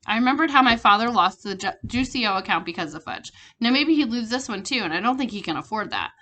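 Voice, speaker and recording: A woman reading a children's chapter book aloud, steady with small slips and restarts. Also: a little high, fast talker, few pauses. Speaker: reader.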